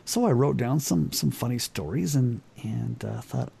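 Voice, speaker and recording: A man with a gravelly edge to his voice, telling a personal story in a relaxed podcast chat. He speaks candidly, dropping softer at the serious moments, his pitch ordinary. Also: normal speed, few pauses. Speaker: podcast co-host.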